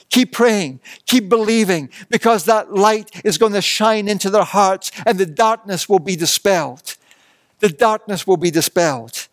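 A man's voice: high-pitched, no room sound. A man preaching a sermon with earnest, emphatic repetition.

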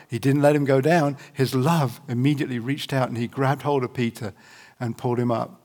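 A man preaching straight to a camera. He is earnest and conversational, and he slows down to read scripture. His voice sits at a middling pitch for a man. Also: fairly even intonation, darkish tone. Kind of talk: sermon to camera. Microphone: camera facing speaker.

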